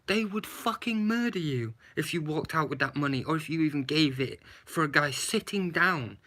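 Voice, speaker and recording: A man's voice: a little high, lively intonation, moderate pace, pushed and bright. A man giving a blunt, sarcastic movie review, swearing and adding "yeah?" to his points. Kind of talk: casual movie review rant.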